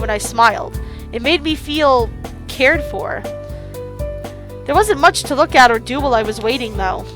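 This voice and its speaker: Animated high-voiced woman reading a game. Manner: animated, gasps and laughs in reaction. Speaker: let's play streamer. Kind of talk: reading a visual novel aloud with commentary.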